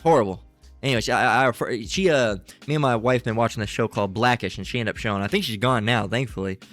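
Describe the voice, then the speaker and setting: A middle-aged man rants crudely and profanely, rambling and reading passages aloud between asides. His voice sits in a plain middle pitch, with faint music behind him. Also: fast talker, fairly bright tone. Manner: crude, profane, rambling, frequent fillers and "right?". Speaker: channel host. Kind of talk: ranting commentary, reading aloud.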